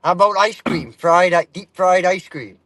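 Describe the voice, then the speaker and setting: A man's voice: sits high, normal speed, fairly bright tone, voice pushed up. An Australian man putting on a to play a rowdy, boastful man who brags crudely about fried food. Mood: boisterous. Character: brash loud American man bragging about fried food.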